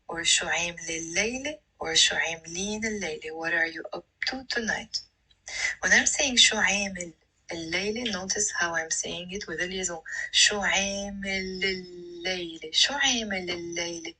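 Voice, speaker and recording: A woman from Lebanon with a Lebanese accent, a language teacher going through phrases in a measured, repetitive way. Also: fairly low pitch, sharp tone, slightly rough, low-quality recording. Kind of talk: scripted phrase lesson.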